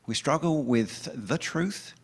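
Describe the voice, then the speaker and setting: A man's voice: medium pitch, expressive, takes it slowly, breathy edge. A man in his forties giving a candid, conversational talk in a church as a guest spiritual speaker, often restarting his sentences. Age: 40s.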